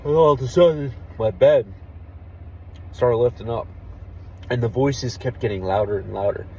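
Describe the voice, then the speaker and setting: A young man, an army veteran, telling a story casually and candidly, with plenty of swearing and a hushed drop in voice at the tense parts. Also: medium pitch, moderate pace, breathy edge, low-quality recording. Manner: candid, profane, drops to a hush for tense moments.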